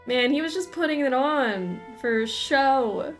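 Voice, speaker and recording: Lady streamer goofing around over a detective game, fairly high voice, giggly. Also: expressive, measured pace, vocal fry, few pauses, over music. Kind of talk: casual gameplay chat.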